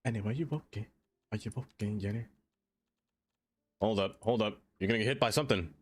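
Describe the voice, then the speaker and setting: With a husky, lowish voice and fairly quick delivery, a man streams a city-building game live. His casual chat is playful and excitable, full of laughter and viewers greeted by name.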